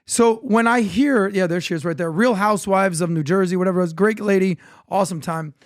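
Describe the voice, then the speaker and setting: A man's voice: high voice, a little fast, no room sound, clean studio sound. A man co-hosting a political podcast, telling anecdotes and acting out the dialogue in them. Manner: animated anecdotal storyteller, acts out dialogue. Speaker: podcast co-host.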